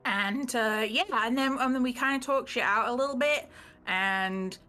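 Brief: a high-voiced, bright woman player, chatty recap with plenty of swearing. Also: normal speed. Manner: chatty, swears freely, laughs often. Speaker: tabletop game player recapping the last session. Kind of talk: casual live-stream chat.

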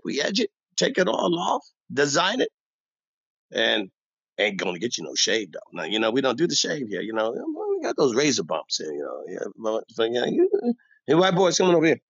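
An actor playing an older, bossy, old-school barbershop owner who rambles and boasts in street talk, delivered as a comic monologue. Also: male voice, a little high, wildly swooping pitch, brisk, vocal fry, a bit bright, husky, dry recording, heavily acted. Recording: dull dry lo-fi recording.

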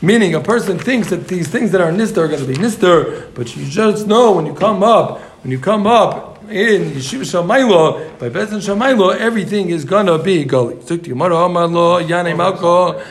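Explaining the text to his students, a man teaches a Gemara class in an animated voice that sits high and echoes. He jokes with them and drops quick asides as he goes.

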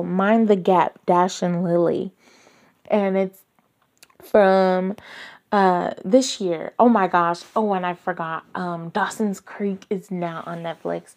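A woman chats unhurriedly about books she loves. Her voice sits at a mid pitch and keeps spilling into excited, gushing exclamations, with hushed asides in between. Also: slow pace, gravelly. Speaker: book vlogger. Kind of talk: casual chat.

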